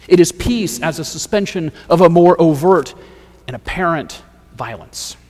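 A man preaching a sermon as pastor, measured and rhetorical, building points through repeated phrases. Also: a little high, expressive, darkish tone, in a large hall.

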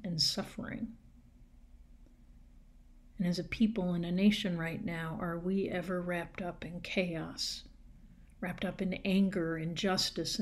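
Slow, measured woman preaching a sermon. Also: mid-range voice, a little mellow. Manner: measured, emphatic with dramatic pauses.

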